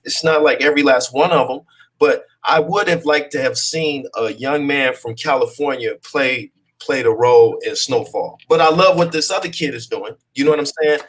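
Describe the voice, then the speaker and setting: A man's voice: medium pitch, brisk, a bit bright. Laid-back man talking as guest. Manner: laid-back, peppers talk with "you know what I'm saying". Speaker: actor being interviewed. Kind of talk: casual conversational interview.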